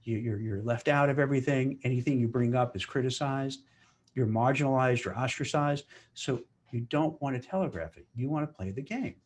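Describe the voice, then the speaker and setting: A man giving casual career advice in a lively way. He acts out office chatter in mock voices. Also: medium pitch, brisk. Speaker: career commentator.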